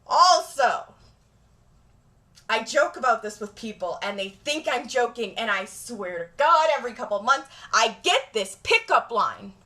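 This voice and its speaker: Blunt, bright-voiced woman ranting to camera. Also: on the high side, sing-song, a little slow. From Jamaica. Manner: blunt, profane, emphatic. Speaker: vlogger. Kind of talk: direct-to-camera rant.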